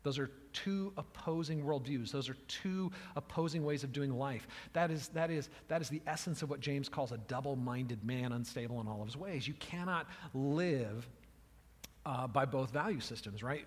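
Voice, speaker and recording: Husky preacher in a reverberant hall. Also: male voice, mid-range voice, moderate pace. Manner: conversational, frequent "right?", repeats words. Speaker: pastor. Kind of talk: sermon.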